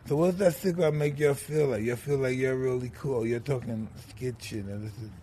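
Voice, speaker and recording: A man's voice: mid-range voice, normal speed, dark tone, a little hiss or hum. Blunt, teasing middle-aged man hosting. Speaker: podcast host. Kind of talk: casual podcast chat.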